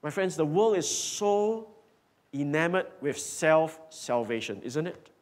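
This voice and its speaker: A man preaching a sermon in a church hall, emphatic, swinging from loud declarations to hushed whispers. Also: on the high side, expressive, takes it slowly. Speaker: pastor.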